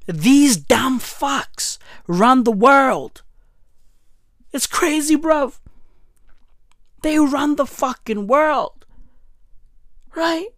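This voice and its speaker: A woman with doing a casual rant commentary, animated, profane and mocking. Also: high-pitched, extremely slow, pauses often, no room sound.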